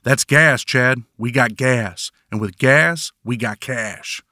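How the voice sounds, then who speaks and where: A man voicing a gleeful male inmate bootlegger, talking in an excited, boastful way. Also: mid-range voice, takes it slowly, no room sound, clean studio sound.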